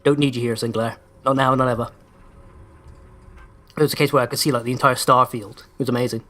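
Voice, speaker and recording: Male let's-play host, mid-pitched, sarcastic and crisply over-enunciated. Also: fairly even intonation, fast, sharp tone. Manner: sardonic, sweary, over-pronounces words. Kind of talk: casual gameplay commentary.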